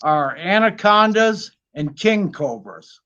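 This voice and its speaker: A man's voice: high voice, very animated, takes it slowly, bright, forceful tone, muffled recording. A man from Wyoming chatting casually on a live stream and telling laid-back stories. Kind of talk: casual chat.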